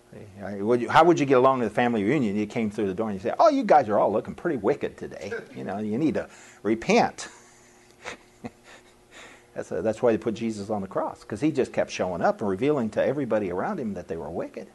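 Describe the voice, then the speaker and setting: Male preacher, middle-aged, husky voice, lively pitch, folksy, chuckles at his own lines. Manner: folksy and animated, laughing at his own lines and acting out quotes. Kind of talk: sermon to a live audience.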